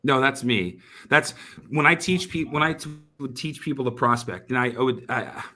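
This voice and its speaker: A man's voice: mid-range voice, animated, moderate pace, pushed and bright. Emphatic man telling a sales story. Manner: emphatic, repeats words and restarts often. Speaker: sales trainer guest. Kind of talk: animated storytelling in a podcast chat.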